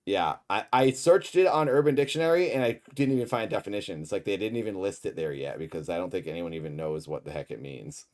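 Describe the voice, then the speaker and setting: A man's voice: low-pitched, lively intonation, fast talker, few pauses. A man hosting a livestream, rambling and joking while reading chat messages. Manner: rambling, jokey, reads chat aloud. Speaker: livestream host. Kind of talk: casual livestream chat, reacting to a show.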